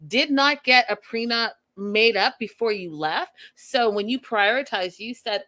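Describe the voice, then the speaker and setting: A woman's voice: fairly high pitch, lively intonation, moderate pace, hardly any pauses, bright, forceful tone. Lady hosting a live recap, very opinionated, talks right to the chat. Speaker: host. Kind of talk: live show recap and review.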